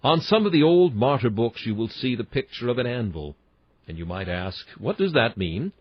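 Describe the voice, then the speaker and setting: A man's voice: medium pitch, very animated, normal speed, husky, dry recording, dull audio. A man reading a classic sermon aloud in an emphatic, earnest preaching cadence. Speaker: sermon reader.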